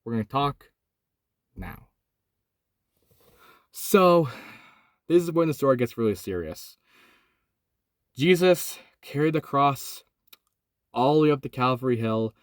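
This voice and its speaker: A young man recording in his van, casually retelling a Bible story, swinging from excited to hushed and solemn. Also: medium pitch, slow, pauses often, dry recording, clean studio sound. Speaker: host. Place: inside a van.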